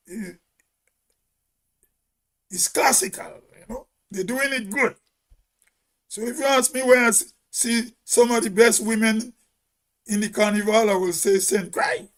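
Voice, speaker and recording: A man with a Grenadian accent hosts an emphatic opinion monologue, his big, loud, high-pitched voice firing off rhetorical questions.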